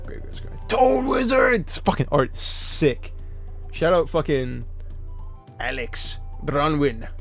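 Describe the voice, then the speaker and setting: A man streaming casually, reading card text aloud and reacting to chat with profanity and frequent laughs. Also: mid-range voice.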